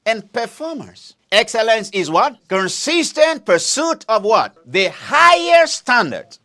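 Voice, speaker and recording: A man with a Nigerian accent preaching a motivational sermon, often asking the listeners questions and swinging between loud and hushed delivery. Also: sits high.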